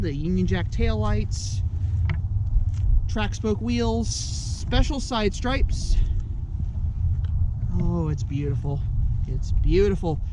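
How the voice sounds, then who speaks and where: High-voiced man rambling through a car walkaround. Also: very noisy. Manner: jokey, rambling, corrects his own gags. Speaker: car reviewer and channel host. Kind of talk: casual walkaround car review. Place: outdoors in the cold beside a car.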